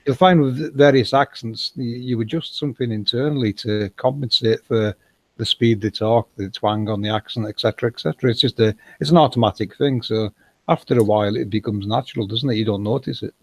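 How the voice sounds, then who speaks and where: A man with a measured, thoughtful way of talking, chatting casually as a co-host and reading a short passage aloud. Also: mid-range voice, dry recording. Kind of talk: casual chat. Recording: dry, dull lo-fi audio.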